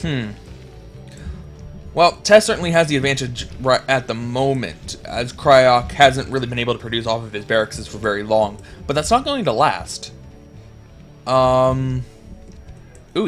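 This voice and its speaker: A young man casting a video game match, rambling and chatty, getting excited at big plays. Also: medium pitch, normal speed, faint music behind. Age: young adult. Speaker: game caster. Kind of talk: casual esports commentary.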